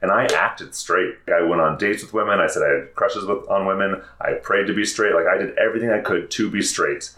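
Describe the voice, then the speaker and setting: Deep-voiced man, earnest and reflective. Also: a little fast, hardly any pauses, bright, forceful tone, echoey room. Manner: earnest and reflective, with frequent "like" and restarts. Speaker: podcast guest, therapist. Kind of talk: candid interview conversation.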